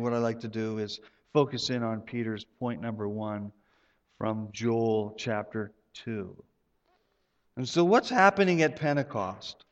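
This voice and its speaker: A man preaching a sermon in church, telling stories with playful asides and an animated delivery. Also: medium pitch, lo-fi sound. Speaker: pastor. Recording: long hall reverb.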